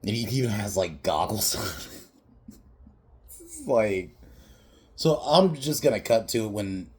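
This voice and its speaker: A fairly low, darkish voice with lively intonation and an unhurried pace belongs to a podcast host recapping a comedy movie. He wanders off track, laughs often, swears, and quotes scenes in mocking voices.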